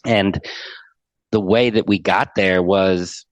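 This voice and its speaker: Earnest middle-aged guy telling his story on a podcast, lowish voice, repeats himself a bit. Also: steady tone, takes it slowly, no echo. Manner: earnest, heartfelt, repeats words as he builds a story. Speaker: podcast guest, anxiety coach. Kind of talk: personal storytelling in conversation.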